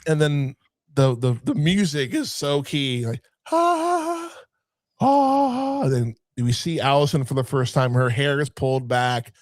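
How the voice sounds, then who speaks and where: A man co-hosting a movie review podcast, retelling scenes with lots of swearing and quick mimicked lines in casual talk. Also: medium pitch, dry recording. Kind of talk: casual film discussion.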